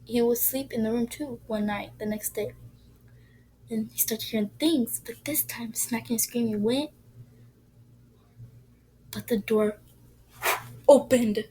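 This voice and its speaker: A woman's voice: fairly high pitch, steady tone, measured pace, long pauses, warm tone, slight background noise, rough recording. A woman telling a ghost story in a casual, rambling way, often dropping to a whisper.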